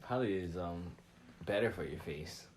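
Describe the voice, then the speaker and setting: A man co-hosting a podcast, making quiet, brief remarks in casual chat. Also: sits low, normal speed, a little hiss or hum.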